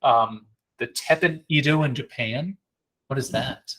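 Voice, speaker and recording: A man's voice: medium pitch, a little slow, fairly bright tone, slightly rough, rough recording. A man co-hosting a podcast, chatting casually with playful, teasing banter. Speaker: podcast co-host. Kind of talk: casual chat.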